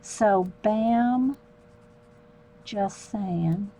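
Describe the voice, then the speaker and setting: A woman's voice: mid-range voice, extremely slow, dark tone. A woman hosting an art livestream, chatting casually with viewers as she draws and laughing often. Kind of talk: casual livestream chat while drawing.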